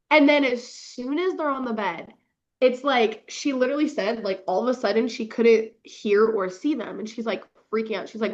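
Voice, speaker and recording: A young woman hosts a casual book podcast, gushing over plot twists, swearing freely and breaking into quick laughs. Her voice sits a little high. The recording sounds dull and lo-fi. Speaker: podcast host. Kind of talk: casual book review chat.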